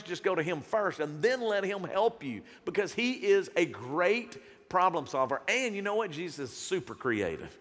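Male pastor, higher voice, preaching with big swings in volume in a long echoing sanctuary. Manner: animated, earnest preaching with sudden loud bursts. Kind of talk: sermon.

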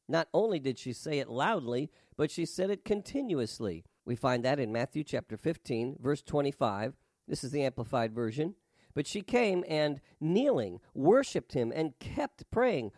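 A man's voice: on the high side, lively intonation, normal speed, a little mellow, no echo, studio quality. A man preaching a sermon and reading scripture aloud, with an emphatic, rhythmic delivery that lifts on key words.

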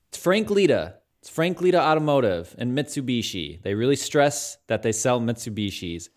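A man co-hosting a podcast, telling stories in casual chat and acting out other people's lines. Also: lowish voice. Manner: animated storyteller, acts out voices. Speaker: podcast co-host.

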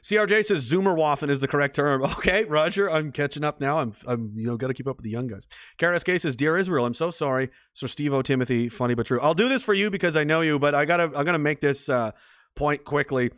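A man's voice: a little high, fast, a bit bright, dry recording, studio quality. A middle-aged man hosting a casual livestream, reading out chat messages and rambling in a profane, mocking way, with frequent laughs.

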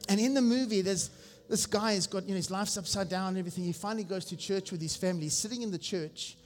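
A senior pastor preaching a sermon, exhorting the congregation and asking them questions. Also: male voice, sits high, fast talker. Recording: long reverb with faint music.

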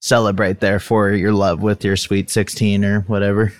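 A man's voice: on the low side, flat delivery, moderate pace, no room sound, studio quality. A man co-hosting a casual podcast chat, musing aloud and joking. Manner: joking, musing, often laughs. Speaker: podcast co-host.

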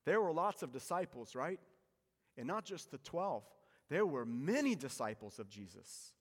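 A man delivering a dramatic sermon, his voice a touch higher than most men's. He swings between loud, pressing emphasis and quiet, hushed phrases, and a long reverb trails through the large hall. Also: very animated, normal speed, slightly rough. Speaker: pastor.

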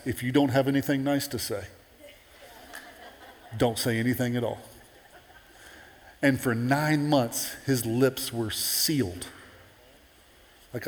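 Animated man preaching in an echoing hall. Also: medium pitch. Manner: animated, conversational, with playful asides. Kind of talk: sermon.

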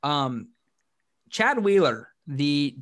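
A man's voice: a little high, very animated, extremely slow, fairly bright tone. A man hosting a casual sports podcast, rambling with frequent restarts and hiccuping. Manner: rambling, restarts often, upbeat. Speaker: podcast host.

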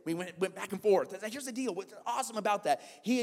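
A pastor in his forties preaching a sermon, moving between loud, emphatic preaching and quiet, conversational storytelling. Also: high voice, animated, quick pace, hardly any pauses, big-room sound. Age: 40s.

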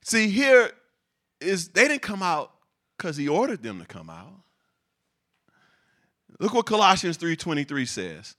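A man preaching a sermon, reading scripture and breaking into animated, laughing asides with repeated words for emphasis. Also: sits high, a little slow, long pauses.

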